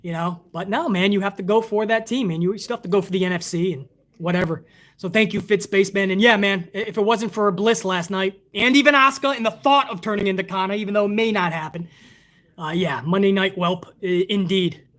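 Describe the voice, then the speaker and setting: A man's voice: sits high, a little fast, a bit bright. A man from the United States hosts a casual wrestling livestream, talking in a loose, rambling way. He swears freely and works himself up into heated rants between reading donations. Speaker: wrestling podcast host.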